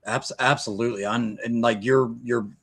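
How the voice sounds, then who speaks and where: A man's voice: medium pitch, steady tone, moderate pace, fairly bright tone, breathy edge. A man with a mid-range voice hosts a live stream. He talks in a heartfelt way and keeps stumbling and restarting his phrases. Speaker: host.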